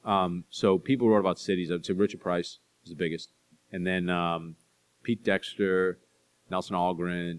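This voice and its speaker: Deep-voiced man, dry conversational author. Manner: conversational, self-correcting, dry humor. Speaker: author at a public talk. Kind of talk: casual talk with Q&A. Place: public library event.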